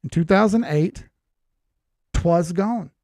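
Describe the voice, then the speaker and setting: A man's voice: sits high, slow, darkish tone, no room sound, studio quality. A man in his forties hosting a crypto chart analysis show in a folksy, rambling, jokey way. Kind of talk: casual chart analysis talk.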